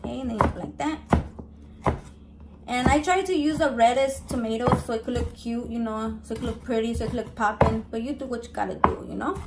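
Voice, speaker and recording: A high-voiced woman talks through a home cooking vlog, brash and profane, dropping Spanish into her English. The kitchen recording is noisy behind her. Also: fairly quick. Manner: brash, swears constantly, mixes in Spanish. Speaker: cooking vlogger. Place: home kitchen with family around.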